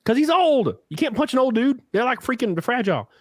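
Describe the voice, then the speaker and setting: A man hosting a podcast in casual chat, telling profane, animated stories with acted quotes. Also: extremely high pitch, a little fast, no echo, studio quality. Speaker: podcast host.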